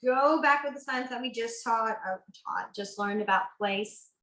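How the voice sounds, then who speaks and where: A woman's voice: a little high, normal speed, a bit bright. Chatty woman teaching, echoey room. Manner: chatty, self-correcting, laughs easily. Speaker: sign language teacher. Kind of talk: online class instruction.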